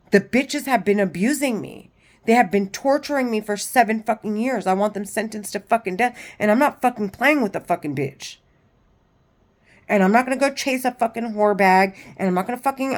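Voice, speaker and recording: A woman with a fairly high voice talks straight into her camera in a loose, rambling vlog. She is agitated and swears constantly, circling back and restarting her sentences. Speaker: vlogger. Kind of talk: casual rambling monologue.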